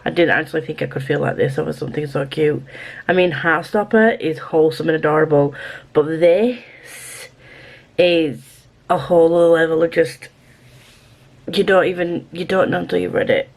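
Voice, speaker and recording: A woman's voice: sits low, fairly even intonation, moderate pace, gravelly. A woman vlogging about a book she is reading, gushing and emotional, repeating herself and sometimes dropping to a whisper. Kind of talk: casual reading vlog.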